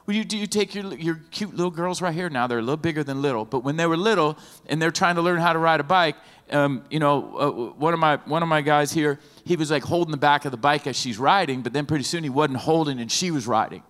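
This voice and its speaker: A man preaching a sermon as pastor in an animated, lively way, often acting out the voices of the people in his stories. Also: a little high, brisk. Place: church sanctuary. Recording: long hall reverb with faint music.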